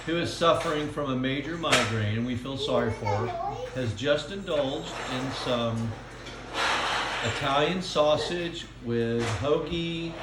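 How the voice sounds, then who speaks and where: A man's voice: medium pitch, normal speed, very noisy. An older man narrating a casual home video from his kitchen, chatty and proudly playful as he shows off his cooking. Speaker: family cook filming a holiday video. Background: frying sizzle.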